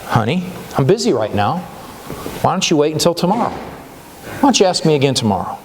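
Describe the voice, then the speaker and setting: A man's voice: fairly high pitch, very animated, brisk, long reverb tail, slight background noise. A man voicing a busy wife who keeps brushing off her husband's requests with excuses, in a sermon illustration. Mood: dismissive.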